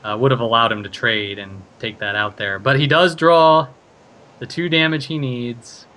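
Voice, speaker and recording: A man's voice: mid-range voice, steady tone, moderate pace, pushed and bright. A man casting a card game tournament, talking through each play with plenty of thinking-aloud fillers. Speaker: esports caster.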